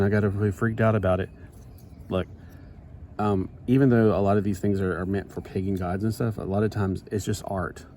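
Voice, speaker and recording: A man with a very low, deep voice rambles along in a chatty, self-interrupting way as he builds a toy set. A steady noise runs behind him throughout the recording. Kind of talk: casual chat while building.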